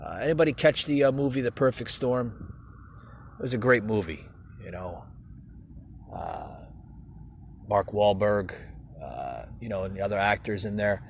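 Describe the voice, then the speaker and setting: Speaking in a low, creaky voice with lively intonation, a man hosts a solo podcast at an unhurried pace, pausing often. He meanders through the news casually, with many fillers and restarts, talking right to his audience, while a faint hiss or hum sits underneath.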